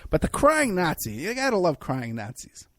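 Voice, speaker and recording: A man's voice: sits high, wildly swooping pitch, normal speed, a bit bright, no room sound. A man hosting a talk show, delivering a mocking, rambling monologue full of restarts. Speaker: talk show host and private investigator.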